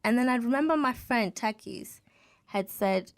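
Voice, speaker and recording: A woman's voice: a little high, normal speed. A woman in her thirties, a podcast guest, telling a story in casual chat and acting out what other people said. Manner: animated, acts out quoted people.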